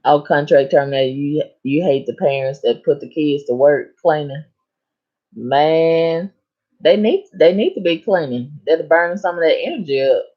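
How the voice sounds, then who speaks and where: Animated sassy woman on a lo-fi stream. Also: moderate pace. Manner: animated, sassy, big pitch swings. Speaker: live stream host reading viewer comments. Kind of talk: casual chat.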